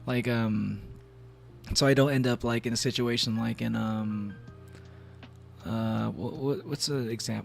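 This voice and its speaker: A man's voice: medium pitch, gravelly. Rambling male streamer, lots of "like". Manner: rambling, filler-heavy, laughs often. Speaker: VTuber streamer. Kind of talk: casual game stream chat.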